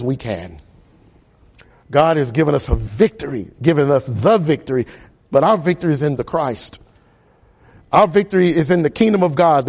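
A man preaching a sermon, building repeated phrases to loud emphatic peaks. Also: a little high. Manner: emphatic, repetitive cadence, rising to loud peaks.

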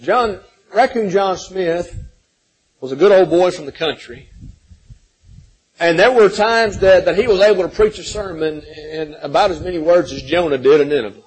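A man's voice: sits high, normal speed, darkish tone, husky, poor audio. A man preaching a sermon, telling a folksy story with frequent restarts and repeated words.

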